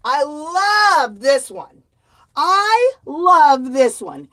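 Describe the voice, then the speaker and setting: A woman's voice: high-pitched, very animated, drawn-out words, a bit bright, no echo. A woman chatting casually on a live stream from home, folksy and self-mocking as she shows off her handmade blankets.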